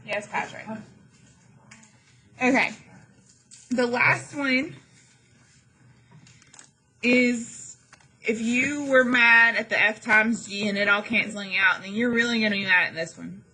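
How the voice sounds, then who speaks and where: A woman's voice: mid-range voice, measured pace, long pauses, pushed and bright, slightly rough, low-quality recording. A woman math teacher giving a classroom lesson, chatty and jokey, with dramatic asides to her students.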